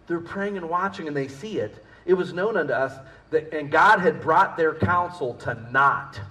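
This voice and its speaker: High-voiced man preaching in an echoey room. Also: normal speed, distant mic. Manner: animated preaching, shifting between quiet asides and loud emphasis. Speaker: pastor. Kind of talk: sermon. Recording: echoey room, voice off-mic with faint ambience.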